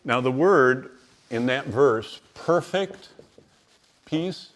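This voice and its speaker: A man teaching the Bible to a live audience, his voice at a middle pitch. He talks in an animated way, leans hard on single words and stops to ask the room questions. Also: extremely slow. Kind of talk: teaching sermon.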